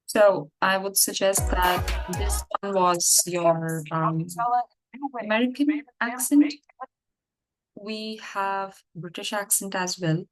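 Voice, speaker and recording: A woman's voice: mid-range voice, slow, soft background music. Woman teacher, casual online lesson, explanatory, fillers and restarts. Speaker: English teacher. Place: online class with screen sharing.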